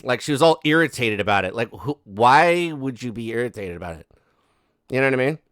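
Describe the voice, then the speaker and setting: Man, sarcastic gossip commentary, rambling with fillers, mid-pitched, dry close sound. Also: expressive, a little fast, fairly bright tone, no room sound. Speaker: commentary host.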